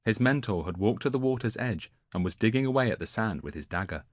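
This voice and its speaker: A man reading a novel aloud as an audiobook narrator, steady and measured. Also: fairly low pitch, no echo, clean studio sound. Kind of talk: scripted narration.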